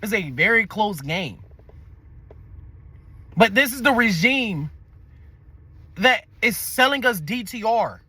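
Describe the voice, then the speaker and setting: A man's voice: sits high, very animated, takes it slowly, long pauses, pushed and bright, slightly rough, no room sound. A man hosting a sports show, ranting in a heated, profane way and repeating himself, recorded in a parked car. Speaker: sports podcast host.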